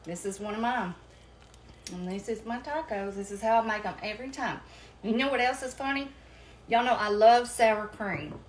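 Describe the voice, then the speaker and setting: A woman's voice: a little high, moderate pace, slight background noise. A woman chatting folksily with viewers as she cooks at home, calling them y'all. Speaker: home cooking vlogger. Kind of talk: casual chat while cooking. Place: home kitchen.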